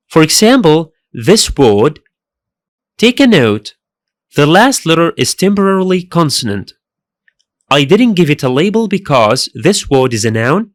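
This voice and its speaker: A man's voice: a little high, no echo. A man teaching a pronunciation lesson in careful scripted narration, repeating each sound twice. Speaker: language teacher.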